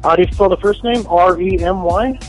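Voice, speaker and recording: A man's voice: high-pitched, a little fast, faint music behind, poor audio. A man answering a call as a bail bondsman, polite, businesslike and a bit hesitant. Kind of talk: phone call.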